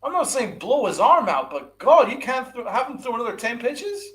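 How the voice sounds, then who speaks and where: Man angry sports podcast host, repeats and swears, big pitch swings. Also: very animated, normal speed, fairly bright tone. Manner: ranting, repeats himself, swears, asks rhetorical questions. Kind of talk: angry sports rant with live chat.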